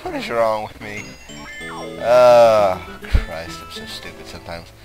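A man chats casually over his gameplay, sarcastic and swearing freely, his pitch swinging up and down as he reacts. Faint game music runs behind his voice. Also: huge pitch swings, slow, a little mellow. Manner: profane, sarcastic, laughs often. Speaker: let's play commentator. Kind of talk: casual gaming commentary.

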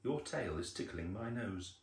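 A man's voice: lowish voice, animated, unhurried, recorded from a distance. An older man as a kindly old park keeper. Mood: gentle. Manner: mild, fussing, gentle. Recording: roomy echo.

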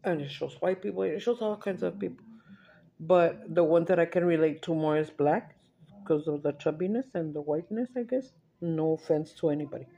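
Brief: woman vlogger, gravelly voice, rambling eat-and-chat storyteller. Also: lowish voice, a little fast, dark tone, lo-fi sound, slight background noise. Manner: rambling chatty storyteller, mixes in Spanish, laughs often. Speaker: mukbang vlogger. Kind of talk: casual chat while eating.

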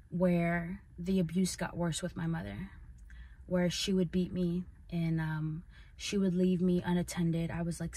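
A woman's voice: lowish voice, a little mellow. A woman hosting a podcast, telling her own story in an earnest, conversational way, full of "like" and "right?". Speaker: podcast host. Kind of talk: personal storytelling.

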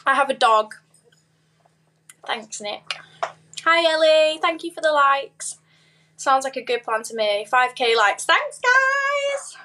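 Brief: giggly young Yorkshire woman, a bit high, phone livestream, faint noise. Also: unhurried, long pauses, sharp tone. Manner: chatty, giggly, reads comments aloud. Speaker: livestreamer reading viewer comments. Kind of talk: casual livestream chat.

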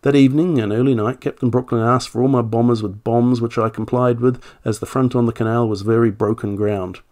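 A man reading out a wartime army captain's statement in a put-on voice, formal, measured and official. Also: mid-range voice, fairly even intonation, darkish tone, natural voice. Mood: formal, reporting. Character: British army captain, adult man, formal and matter-of-fact.

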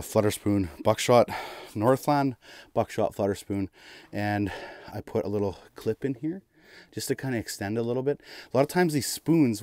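A man giving excitable live commentary while ice fishing from a shelter on a frozen lake, with bursts of cheering and repeated exclamations. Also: lowish voice, no room sound. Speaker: fishing vlogger.

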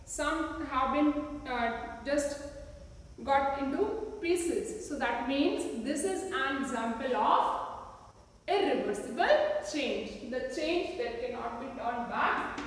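A woman teacher with an Indian English accent, speaking slowly and patiently, with a fairly high voice. She keeps asking her class questions as she demonstrates. She is recorded from across a bare room with strong echo and a long reverb tail, with faint noise underneath. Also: expressive. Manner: slow, patient, asks the class many rhetorical questions. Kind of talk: classroom science lesson with demonstrations. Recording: echoey room, recorded from a distance.

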